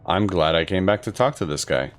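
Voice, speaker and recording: A man giving relaxed, joking commentary while playing a video game. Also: low-pitched, fairly quick. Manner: relaxed, joking asides, mumbled. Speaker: gaming channel host. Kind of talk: casual gameplay commentary. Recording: commentary over faint game music.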